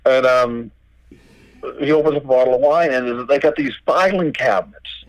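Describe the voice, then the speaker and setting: A man's voice: mid-range voice, moderate pace, no echo, low-quality recording. A middle-aged man, a record label owner, telling stories as a podcast guest, acting out dialogue and swearing freely. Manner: animated, acts out quoted dialogue, swears freely. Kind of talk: casual storytelling interview.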